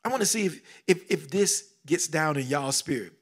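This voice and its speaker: A middle-aged man preaching a sermon, swinging between loud exclamations and hushed whispers, repeating phrases and calling out questions to the congregation. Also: fairly high pitch, animated, normal speed, husky. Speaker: pastor.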